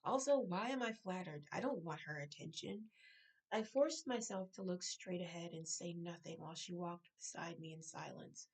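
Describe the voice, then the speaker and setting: A woman author reading her own novel aloud, now and then breaking off to correct herself or make a quick aside. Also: on the low side, a little mellow, breathy edge, rough recording.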